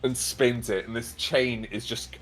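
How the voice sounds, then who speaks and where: A man's voice: mid-range voice, steady tone, measured pace, a bit bright, soft background music. A man narrating a tabletop game as game master, describing scenes at length with many fillers and "like"s.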